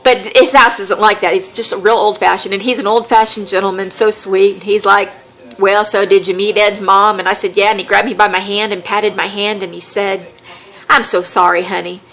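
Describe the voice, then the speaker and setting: A woman with a Southern American accent tells a story on her podcast. She talks in a casual, wry way, acting out the people she quotes. Her voice sits in a middle pitch. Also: normal speed. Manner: animated, wry storyteller who acts out quotes. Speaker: podcast host.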